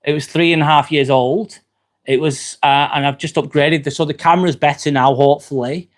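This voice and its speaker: This laid-back English host streams from his phone in a voice slightly high for a man. Chatty and loose, he pauses with ums, reads out messages from viewers, and responds with occasional swearing.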